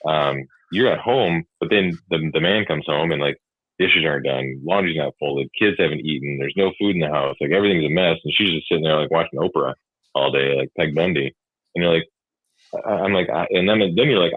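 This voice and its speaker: A man's voice: a bass voice, fairly quick, slightly rough, no room sound. A man in a casual podcast chat who rambles, peppering his talk with "like" and starting over. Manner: rambling, full of "like" and restarts. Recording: tinny phone-like line, dry.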